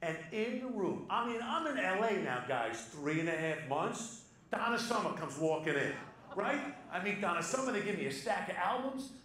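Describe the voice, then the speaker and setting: A man telling a comic anecdote to a live audience, animated and punchy, building to loud excited peaks. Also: high-pitched, normal speed. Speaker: storyteller on stage. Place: live venue with audience laughter. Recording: echoey live hall with crowd noise.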